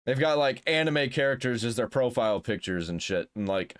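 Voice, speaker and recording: A man's voice: mid-range voice, lively intonation, fairly quick, smooth. A man hosting a reaction commentary, talking bluntly and crudely in a rambling, casual way with frequent restarts. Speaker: commentary host.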